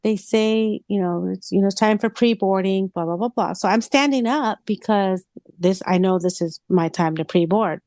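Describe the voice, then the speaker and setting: A woman's voice: mid-range voice, moderate pace, no echo. A woman co-hosting a casual podcast chat, telling stories animatedly and acting out quoted lines. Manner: animated storytelling with acted-out quotes. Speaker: co-host.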